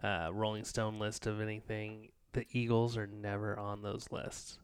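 A man co-hosting a casual podcast, slipping in dry, deadpan quips. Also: lowish voice, moderate pace, smooth, no room sound. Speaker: podcast co-host.

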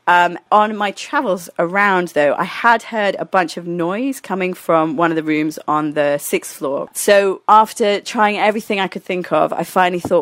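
A woman's voice: mid-range voice, measured pace, a bit bright, no echo. A young woman telling a personal story, laughing often mid-sentence and acting out her own past lines.

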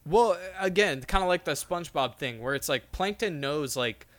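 A man's voice: fairly high pitch, animated, normal speed. A young man chatting loosely with a friend, his sentences full of fillers and restarts. He swears casually and wanders through a point before getting to it. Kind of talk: casual chat.

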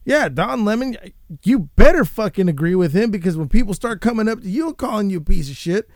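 Guy ranting on his podcast, kinda high voice, rambly, cusses a lot. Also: fairly quick, no room sound, clean studio sound. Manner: animated, swearing, rambling with restarts. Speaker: podcast host. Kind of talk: ranting casual commentary.

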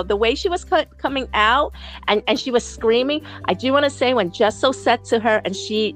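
A woman's voice: fairly high pitch, a bit bright. A woman from New City, co-hosting a podcast in casual, blunt chat, swearing freely and restarting her sentences often. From New York City. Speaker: podcast co-host.

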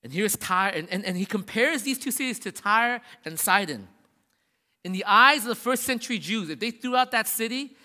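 Male preacher, high bright voice, casual emphatic sermon, long hall reverb. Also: expressive, normal speed. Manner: casual, emphatic preaching with many restarts and rising repetitions.

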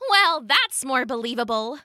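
A woman voicing a cruel fairy who taunts her victims in a slow, sweet voice that turns sinister. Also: high voice, expressive, sharp tone, dry recording, clean studio sound, full character voice. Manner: slow, crooning and mocking. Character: taunting female energy-stealing fairies, sweet turning sinister.

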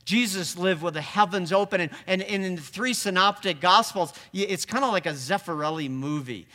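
A man preaching a sermon, conversational, moving from hushed lines to emphatic ones. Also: high voice, a little fast, in a large hall.

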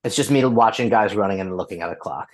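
A man with a somewhat low voice chats casually on a sports podcast. He speaks plainly and matter-of-factly, without much fuss. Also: fast talker. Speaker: podcast co-host.

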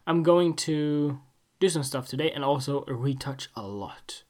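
A man's voice: medium pitch, unhurried, darkish tone. A Swedish-born man hosting his own podcast alone, rambling casually with jokey, self-mocking asides. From Sweden. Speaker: podcast host. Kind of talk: casual solo podcast monologue.

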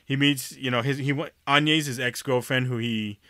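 A man's voice: medium pitch, steady tone, moderate pace, fairly bright tone, no echo, clean studio sound. A man chatting casually on a podcast, rambling, swearing freely and laughing often. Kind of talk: casual chat.

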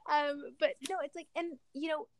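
Woman podcast host, fairly high voice, gushing casual chat, dry close sound. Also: steady tone, normal speed, no room sound. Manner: gushing, filler-heavy, with lots of "like".

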